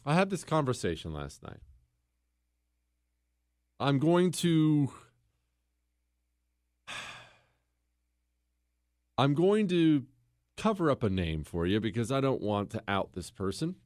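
A man's voice: mid-range voice, big pitch swings, slow, long pauses, darkish tone, dry recording, clean studio sound. A man hosting a talk show monologue, telling a story in a conversational way and quizzing listeners with emphatic questions. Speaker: host.

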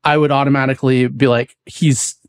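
A man's voice: mid-range voice, normal speed, dry recording. Guest: young man from the west coast, easygoing, rambling, mid-range voice, dry close sound. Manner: relaxed, rambling, laughs often. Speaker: podcast guest. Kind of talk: casual chat.

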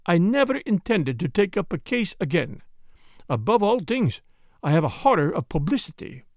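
A man's voice: high voice, sing-song, normal speed, dry recording, clean studio sound. A man voicing a fussy, polite retired foreign detective with formal, precise phrasing in an audiobook. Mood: courteous.

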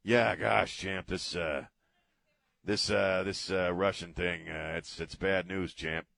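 A radio host imitating a folksy, rambling older male president, halting and chummy. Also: low voice, fairly even intonation, gravelly, a bit bright, full character voice. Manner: halting, filler-heavy, chummy.

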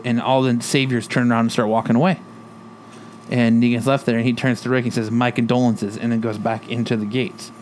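A man's voice: medium pitch, little pitch movement, a little fast, darkish tone, a little hiss or hum. A man casually retelling a TV episode, swearing freely and quoting characters' lines. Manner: loose, profane retelling with quoted lines. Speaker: podcast co-host recapping a TV episode. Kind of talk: casual chat.

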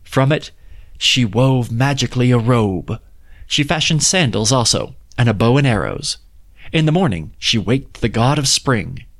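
A man narrates a classic fairy tale in a slow, measured, lyrical way. His delivery is a steady storybook reading with a mid-range voice. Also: medium pitch.

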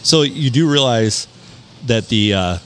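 Rambling, halting male podcast co-host. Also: mid-range voice, animated, a little hiss or hum. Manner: rambling, halting, many restarts. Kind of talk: casual storytelling chat.

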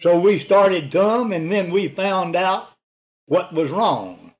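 A man's voice: sits high, takes it slowly. An older man, telling a hunting story in a rambling, folksy oral-history style. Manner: folksy, rambling, drops to a hushed voice for whispered lines. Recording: dull lo-fi recording.

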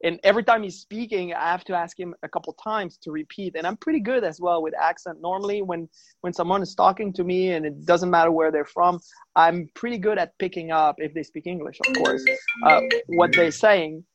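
A man's voice: high voice, brisk, a bit bright, no room sound, muffled recording. Eager male podcast host. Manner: eager, with loose grammar. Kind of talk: casual interview chat.

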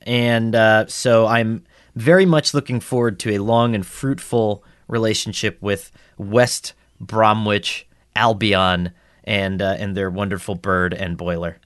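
A man's voice: lowish voice, steady tone, unhurried, a bit bright, smooth, dry recording, studio quality. A man co-hosting a football podcast, telling stories in a wry, amused way in casual chat. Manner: wry, amused storytelling with chuckles. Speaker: podcast co-host.

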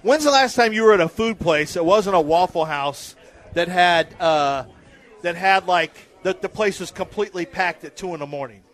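A man's voice: high voice, moderate pace, fairly bright tone. A man co-hosting a live radio show from a bar, rambling and calling out names to the crowd. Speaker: radio co-host. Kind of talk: live radio chat at a party. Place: bar during a live broadcast.

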